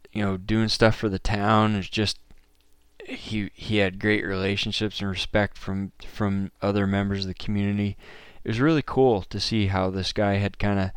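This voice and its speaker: A podcast host from Maine, USA, delivers a casual, enthusiastic, conversational monologue. His voice is on the low side and smooth, recorded at studio quality with no room sound.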